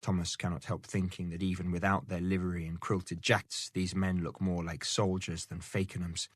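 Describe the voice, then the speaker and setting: A man narrating a novel aloud in a steady, measured storytelling manner. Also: low-pitched, no room sound, clean studio sound. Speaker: audiobook narrator. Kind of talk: scripted narration.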